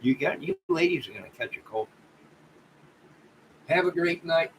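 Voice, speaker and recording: A man's voice: on the high side, lively intonation, normal speed, a little hiss or hum, poor audio. A man hosting a casual livestream, rambling and joking as he thanks his chat viewers and signs off. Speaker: livestream host.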